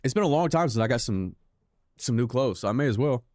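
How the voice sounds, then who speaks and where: A man's voice: mid-range voice, expressive, fast talker, darkish tone, dry recording, clean studio sound. A young man streaming a racing game, chatting with his viewers in a sarcastic, self-deprecating, rambling way. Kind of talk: casual live-stream chat while gaming.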